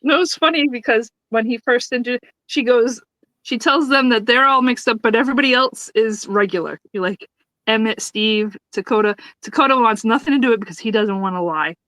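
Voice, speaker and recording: A fairly high-pitched woman chats casually as a podcast co-host and recaps a sitcom episode. She laughs often and slips into the characters' lines as she retells each scene. The sound is close and dry. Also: a little fast, a bit bright, no echo, rough recording.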